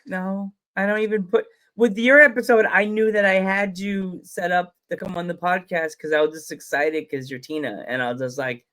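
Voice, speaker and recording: A man's voice: high voice, steady tone, bright, forceful tone. A man hosting a casual podcast chat, rambling and correcting himself as he goes. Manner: rambling, quick self-corrections, laughs often. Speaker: podcast host.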